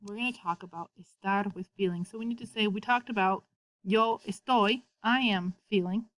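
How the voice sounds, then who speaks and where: A woman teaching a recorded video lesson as a Spanish teacher, patiently repeating words slowly so learners can copy the pronunciation. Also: mid-range voice, fairly bright tone, dry recording.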